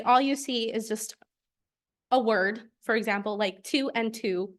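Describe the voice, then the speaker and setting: A young woman from the United States giving an academic research presentation, explaining carefully with frequent filler pauses. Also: on the high side. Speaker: graduate student presenter.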